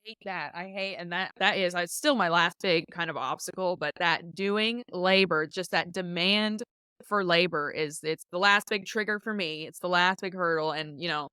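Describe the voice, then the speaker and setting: Bright, smooth-voiced woman guest from Memphis. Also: fairly low pitch, normal speed, no room sound. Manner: reflective, candid, self-deprecating. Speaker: guest author and speaker. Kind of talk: casual interview chat.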